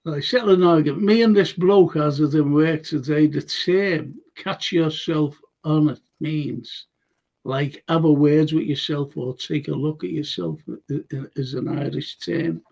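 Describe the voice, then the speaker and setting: An older male host tells a rambling story full of "you know"s. His voice sits high, with a gravelly, husky edge. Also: a little slow, darkish tone. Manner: rambling anecdotes with many fillers. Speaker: show host. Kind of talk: casual chat, storytelling.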